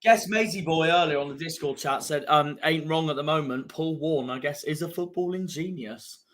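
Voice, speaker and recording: A young man talks through a live football watchalong in a bright, slightly raised voice. He rants and fumes at the results, sinking to low mutters, then bursting into loud cries. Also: moderate pace. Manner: frustrated, ranting, swings between muttering and shouting.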